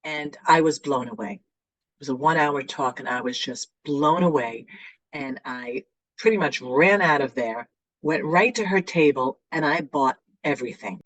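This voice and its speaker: A middle-aged woman, a guest author, tells a personal story in an animated way, acting out the voices of the people in it. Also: low-pitched, normal speed. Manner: animated, acts out quoted voices. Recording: muffled, lo-fi sound.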